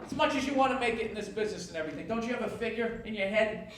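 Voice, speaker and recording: A man doing a stand-up comedy set, ranting and profane, swinging from low grumbles to shouted outrage. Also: racing. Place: comedy club stage with audience laughter. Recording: echoey live stage recording from a distance, loud noise.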